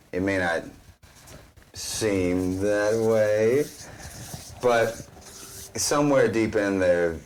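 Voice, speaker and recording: Deep-voiced rambling game player. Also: male voice. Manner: rambling, hesitant, full of ums. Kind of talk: tabletop game talk.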